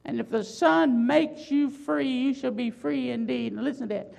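A woman preaching a sermon, building emphasis with loud swells and slow, drawn-out phrases. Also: high voice, creaky, rough recording.

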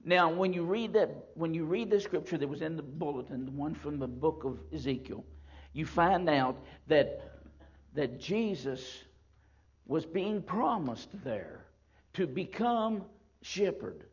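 A man preaching a sermon to his congregation, stressing phrases slowly and repeating them for emphasis. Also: a little high, animated, slightly rough. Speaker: pastor. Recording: dull lo-fi sound.

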